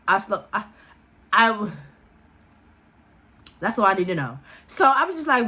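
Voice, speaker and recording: Profane storytelling woman, animated. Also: normal speed, pauses often. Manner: animated, profane, quotes people with raised pitch. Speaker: vlogger telling a story. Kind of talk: casual storytime.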